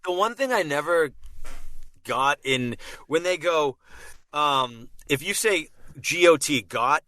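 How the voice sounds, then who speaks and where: A man's voice: on the high side, lively intonation, takes it slowly, bright, forceful tone. A man, a guest on a podcast, rambling and joking at his own expense. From Boston area. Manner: rambling, self-mocking, lots of fillers and restarts. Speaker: guest impressionist. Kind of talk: casual podcast chat.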